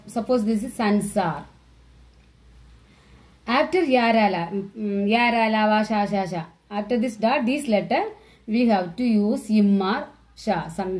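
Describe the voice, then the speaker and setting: A woman's voice: medium pitch, darkish tone, rough recording. Indian woman teacher explaining patiently. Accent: Indian English. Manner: explains slowly, repeating letters and words, with frequent fillers. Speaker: school teacher. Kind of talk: online class lesson.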